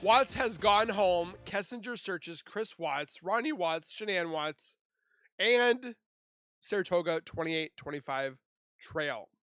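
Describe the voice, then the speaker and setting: A man's voice: high voice, expressive, slow, a bit bright, dry recording, studio quality, soft background music. A man reading through a case timeline and breaking in with sarcastic, scornful asides in casual commentary. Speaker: true crime YouTuber.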